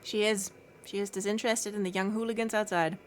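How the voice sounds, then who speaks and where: A woman's voice: medium pitch, steady tone, brisk, a little hiss or hum. Chatty, giggly woman streamer. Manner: chatty and giggly, baby-talking to her cat. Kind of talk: casual chat with stream chat.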